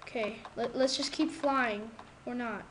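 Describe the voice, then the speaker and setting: High-voiced excitable woman gaming. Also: a little slow, noisy background. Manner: excitable, protests loudly when losing. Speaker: gamer. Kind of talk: casual gameplay commentary. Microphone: new desktop microphone.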